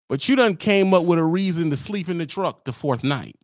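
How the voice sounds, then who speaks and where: A trucker man rants to his viewers in a loose, animated, profane way, a little higher-voiced than most men. His voice sounds close and dry, with no room echo. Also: fairly quick. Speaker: trucker vlogger. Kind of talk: comic rant to camera.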